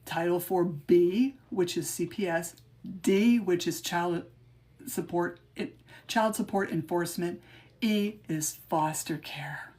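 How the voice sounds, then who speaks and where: A woman podcast host on a livestream, reading her own rhyming poems with emphatic rises and chatting between them in a halting, informal way. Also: lowish voice, steady tone, darkish tone.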